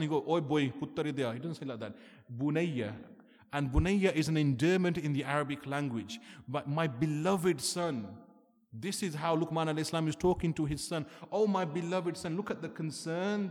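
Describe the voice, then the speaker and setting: A man preaching an earnest, emphatic sermon, asking rhetorical questions as he lectures. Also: on the high side. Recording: long hall reverb.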